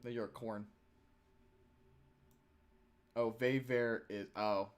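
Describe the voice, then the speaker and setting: A man's voice: medium pitch, fairly even intonation, normal speed. A young man from Chicago co-hosting a live stream, teasing the chat in a casual, joking way. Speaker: stream co-host.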